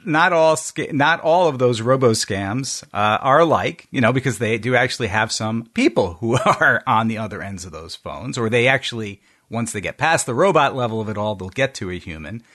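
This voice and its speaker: A man's voice: mid-range voice, animated, normal speed, hardly any pauses, fairly bright tone. A man from the United States, a podcast co-host, presenting a segment in a wry, joking way during a casual panel chat. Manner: wry, jokey delivery of a prepared segment.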